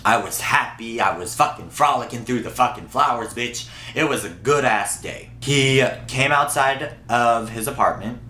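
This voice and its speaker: A young man telling a storytime vlog in a blunt, sassy, profane way, with big jumps in pitch. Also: normal speed, few pauses, pushed and bright, echoey room, slight background noise. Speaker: vlogger.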